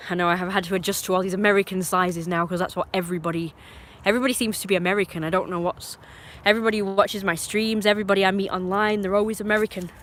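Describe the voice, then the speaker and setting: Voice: mid-range voice, level tone, very fast, few pauses, a bit bright, slight background noise. A live streamer with an English accent, talking in a meandering, opinionated way with frequent restarts and asides. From England. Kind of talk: rambling casual chat on a live stream.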